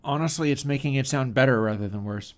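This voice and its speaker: A man hosting a casual livestream, musing out loud and joking at himself while he mixes audio. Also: mid-range voice, fast talker. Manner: musing, self-deprecating, chuckling asides. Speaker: stream host.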